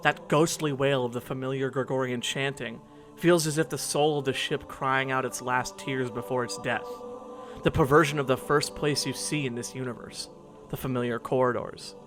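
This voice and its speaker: A man's voice: mid-range voice, a bit bright. A man in his twenties narrating a scripted video essay in an earnest, reflective way.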